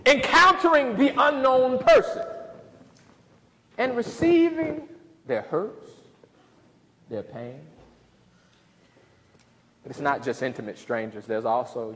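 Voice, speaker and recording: A man giving a lively, humorous storytelling lecture in a lecture hall and calling out to the audience. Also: very high voice, takes it slowly, long pauses. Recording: reverberant hall, faint noise.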